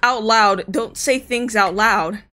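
A young woman guest on a gaming video, chatting casually and reacting excitably, with some swearing. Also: a little high, slow. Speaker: guest player. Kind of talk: casual chat while playing.

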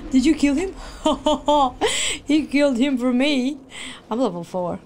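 A woman streamer giving excitable live reaction commentary on a video game, shrieking, gasping and talking to the characters on screen. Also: high-pitched, slow. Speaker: gaming streamer.

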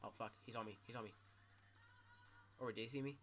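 A man commentating his own gameplay casually, swearing a lot and yelling in sudden bursts. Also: medium pitch, fairly even intonation, brisk, soft background music. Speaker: gameplay streamer.

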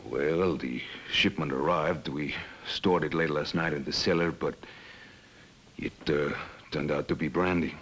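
A man's voice: extremely low pitch, steady tone, a little slow, a bit bright, slightly rough, exaggerated voice. An actor playing a cowed middle-aged henchman in 1950s TV drama style, hesitant and pleading. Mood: nervous.

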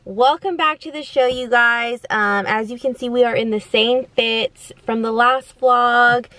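A woman's voice: a little high, fairly even intonation, a little slow, sharp tone. A young woman co-hosting a vlog, chatting casually and upbeat to the camera. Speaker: vlog co-host.

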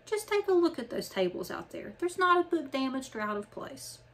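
A woman's voice: sits high, normal speed, voice pushed up, full character voice. A woman voicing a kind but firm female bookshop owner in an audiobook reading. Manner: calm, gracious, firm.

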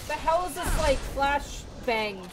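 A woman's voice: high voice, expressive, slow pace, music in the background. A woman live-streaming a video game, chatting casually and playfully with viewers and friends.

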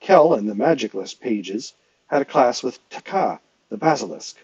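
A man reads a novel aloud in a steady, expressive way at an ordinary pitch. The recording is dry and close, with a slightly dull, lo-fi tone. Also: moderate pace, husky, no room sound. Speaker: audiobook reader.

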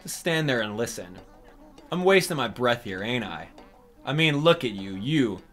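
A man voicing a cranky, sarcastic male mole from a video game, reading its lines aloud in a loud, nagging voice. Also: mid-range voice, sing-song, moderate pace, faint music behind. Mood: exasperated.

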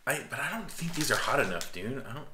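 A man's voice: mid-range voice, sing-song, fast talker, a crowd in the background. A man in his forties, a dad hosting a casual family livestream, joking around and reading viewer comments aloud. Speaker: family vlog host and dad. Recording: roomy echo with background noise.

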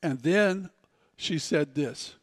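A male pastor delivers a storytelling sermon, dropping to quiet asides and then rising to loud, dramatic peaks. His high, clear voice moves at an unhurried pace. The mic is close and dry, but a long church reverb trails after him. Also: animated. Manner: storytelling preacher, swings from loud shouts to hushed asides. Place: church sanctuary.

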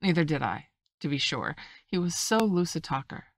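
A woman reading a novel aloud in an even, plain narrating voice. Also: low-pitched, moderate pace, vocal fry, slight background noise. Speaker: audiobook reader.

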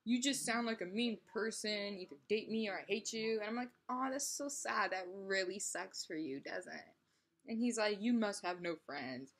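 A young woman tells a story straight to her camera, acting out both sides of an argument and laughing often. Her voice has a husky, breathy edge, and the talk runs loose and casual. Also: medium pitch, normal speed, fairly bright tone. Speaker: vlogger.

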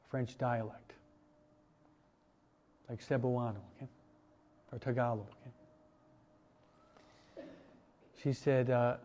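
A man, a priest, teaching a parish catechesis class in a relaxed, conversational way, asking his listeners questions. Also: medium pitch, highs cut off. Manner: conversational, asks the audience questions, many restarts and asides. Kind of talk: informal parish teaching talk.

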